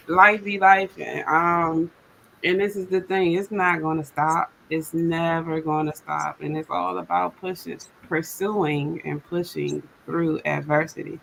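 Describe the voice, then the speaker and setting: Woman, live-stream host, slangy and lively, lowish voice, faint background hum. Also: slow, creaky, low-quality recording. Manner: lively, slangy, laughs often. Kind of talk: casual live-stream chat.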